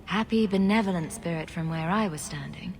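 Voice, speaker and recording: A woman's voice: lowish voice, fairly quick, creaky, darkish tone, faint music behind. An actress voicing a sardonic female hero in video game dialogue, with a dry, teasing manner.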